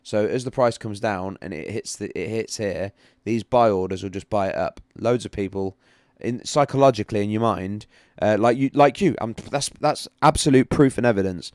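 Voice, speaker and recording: Male streamer, chatty and rambling, lowish voice, close and dry. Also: moderate pace, a little mellow, dry recording. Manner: chatty, rambling, repeats himself. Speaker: livestream host. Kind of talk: casual live-stream chat with chart analysis.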